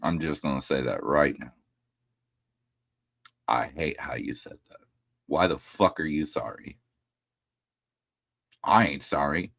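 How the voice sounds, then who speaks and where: A man's voice: extremely low pitch, slow pace, vocal fry, long pauses, a bit bright, no echo, studio quality. A man hosting a casual livestream, talking bluntly and ranting with plenty of profanity. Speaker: livestream host.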